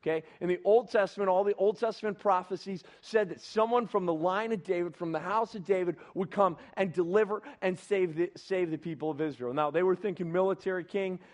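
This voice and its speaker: A man's voice: high-pitched, a little fast, hardly any pauses, a little mellow. A male preacher giving a casual sermon, retelling scripture in everyday slang.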